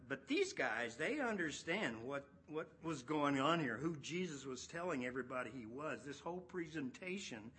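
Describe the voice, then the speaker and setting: A man preaching an expository sermon, animated, acting out voices and swinging from loud to hushed. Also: medium pitch, husky.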